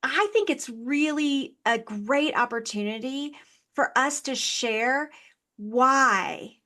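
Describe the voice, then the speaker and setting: Middle-aged woman host, bright highish voice, very slow pace, enthusiastic and affirming. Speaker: podcast host. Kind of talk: conversational interview.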